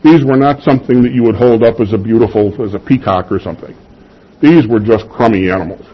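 A man with a husky, breathy voice delivering a sermon. He makes his points firmly, poses rhetorical questions and laughs softly now and then. The sound is dull and slightly muffled. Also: lowish voice. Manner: emphatic, with rhetorical questions and soft chuckles. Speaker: pastor.

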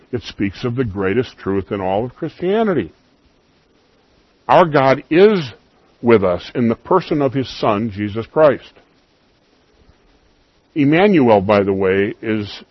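A man preaching a sermon, emphatic, rising loud on key lines and dropping to soft asides. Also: fairly low pitch, dry recording, muffled recording.

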